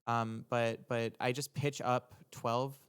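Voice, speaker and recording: A young man in the middle of his range talks through his own music on a livestream. His voice is smooth and resonant, and his speech is loose and rambling, full of ums, false starts and the odd swear word. He comes across as a producer thinking aloud for his chat. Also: medium pitch, level tone, slow pace. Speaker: music producer streaming a track breakdown. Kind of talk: casual explanatory livestream talk.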